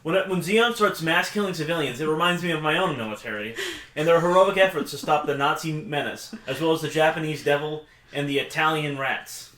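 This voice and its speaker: A man on a casual podcast who slips in dry, ironic quips. His voice is a little high for a man and bright, with a roomy echo around it. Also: fairly quick. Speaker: podcast co-host. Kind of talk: casual chat.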